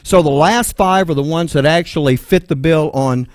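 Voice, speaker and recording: With a fairly high pitch and moderate pace, a man with a Texan accent delivers sermon-style Bible teaching, reading verses, explaining them in sequence, and answering his own questions to the room. He requests the next slide from an assistant, and the sound is dry and clean, studio-grade.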